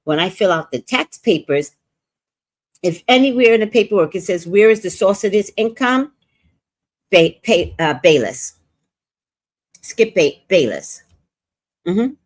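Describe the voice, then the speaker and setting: A woman hosting a livestream, talking in a brash, profane, storytelling way. Her pitch jumps and swoops all over as she chats with her viewers. Her voice sits in a middle register. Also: big pitch swings, unhurried, long pauses. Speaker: livestream host and reader. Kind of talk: casual livestream chat. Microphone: streaming setup.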